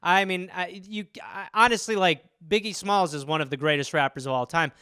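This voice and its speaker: A man's voice: sits high, fairly quick, pushed and bright, clean tone, no room sound, studio quality. A man hosting a comedy podcast, riffing casually in a rambling way full of "like" and restarts, swearing freely.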